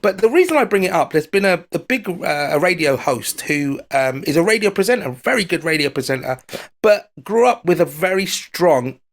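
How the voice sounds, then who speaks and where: A man's voice: high voice, expressive, a little fast. A man with a North London accent, chatting casually as a foreign correspondent on a radio show, rambling with fillers and restarts. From London, England.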